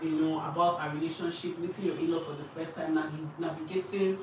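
Young Nigerian woman vlogger, lower-pitched voice, animated and chatty, laughs often. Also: fast talker, noisy background. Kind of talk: casual chat while cooking.

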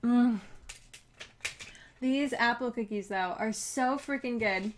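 A woman's voice: fairly high pitch, slow, a little hiss or hum. A woman streamer gushing in a casual live-stream chat while eating, giggly and talking with her mouth full.

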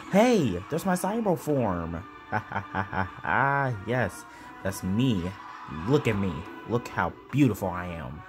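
A man voicing a boastful, grumpy male giant monster lizard in a toy reenactment reaction video, excitable and complaining. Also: fairly low pitch, slow, over music.

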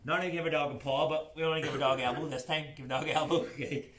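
Male kids' PE coach, slightly high voice, upbeat cueing, roomy echo off a distant camera. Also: steady tone, very fast, fairly bright tone. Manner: upbeat, playful, step-by-step cueing. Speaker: children's PE coach. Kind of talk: live exercise class instruction. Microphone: camera set back across the room.

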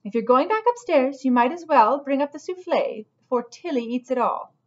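A woman's voice: high voice, expressive, normal speed, dull audio, voice pushed up. Woman doing a doting porcupine cook. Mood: fussing. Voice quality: doting, calls everyone dear. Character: plump fussing motherly female porcupine cook.

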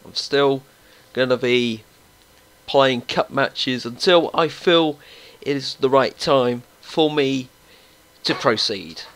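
A young man giving casual, excitable commentary while playing a football video game and talking to his players. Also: mid-range voice, slow, poor audio. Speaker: gaming YouTuber. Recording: faint background music.

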